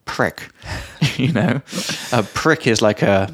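A man co-hosting a podcast, explaining English grammar in a relaxed chatty way with lots of examples and the odd swear word. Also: mid-range voice, slow pace. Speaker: podcast co-host and English teacher. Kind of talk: casual teaching chat.

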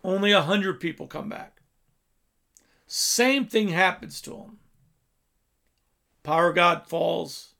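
Man, preacher, high voice, gravelly, sermon storytelling. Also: slow pace, pauses often, sharp tone. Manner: storytelling preaching, swells and drops in volume.

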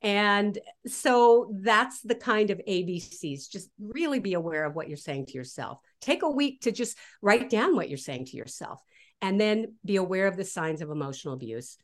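A woman guest in a casual interview, explaining her ideas with animated, lively delivery and acting out inner voices. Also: mid-range voice, moderate pace. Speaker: guest author.

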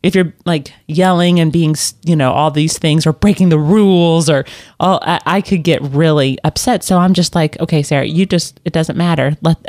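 A middle-aged woman chatting casually, rambling and self-deprecating, with halting restarts. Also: sits low, a little mellow, no room sound, clean studio sound. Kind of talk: casual chat.

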